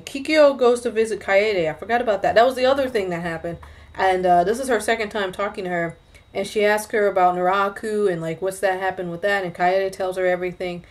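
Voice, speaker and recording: Chatty young woman recapping an episode. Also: mid-range voice. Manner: chatty, rambling, self-correcting. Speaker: anime reviewer.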